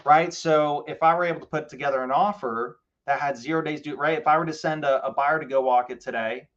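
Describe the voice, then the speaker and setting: A man hosting a live real estate show, talking a seller through a deal and then coaching viewers in an energetic, explanatory way. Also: fairly high pitch, brisk, dull audio. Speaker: real estate investor host. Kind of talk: live stream phone call and coaching.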